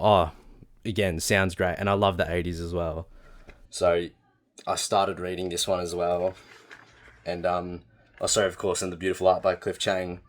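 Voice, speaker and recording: Young Australian guy, deep voice, rambly and keen, casual video-journal chat. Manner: rambling, enthusiastic, many fillers and restarts. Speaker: vlogger.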